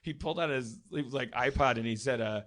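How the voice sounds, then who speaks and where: A man's voice: mid-range voice, fast talker, a bit bright. A man hosting a live comedy podcast, telling a rambling story on stage, breaking off and restarting his sentences often. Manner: rambling, self-interrupting, lots of restarts.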